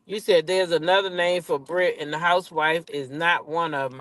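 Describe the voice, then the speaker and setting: Woman commentator, AAVE, ranting in her car, blunt, foul-mouthed, animated. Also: lowish voice, moderate pace, dry recording. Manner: blunt, profane, animated, talks back to chat. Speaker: reality TV commentator. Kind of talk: casual rant to viewers. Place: in a car at a drive-through.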